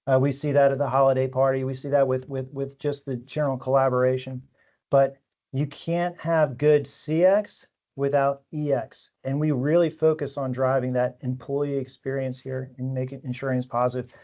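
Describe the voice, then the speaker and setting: A man's voice: mid-range voice, level tone, normal speed, dark tone, dull audio. A man, a new employee, answering questions in a casual chat and often repeating words as he starts. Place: company office.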